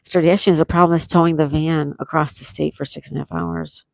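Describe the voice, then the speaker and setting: A woman's voice: sits low, steady tone, fairly quick, gravelly, no room sound, rough recording. A retired woman in her sixties hosting a casual livestream, reading viewers' comments aloud and chatting back. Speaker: livestream host.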